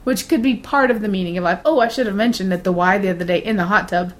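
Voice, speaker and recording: A woman's voice: medium pitch, fast talker. A woman in casual conversation, telling stories in a chatty way and laughing often. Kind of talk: casual chat.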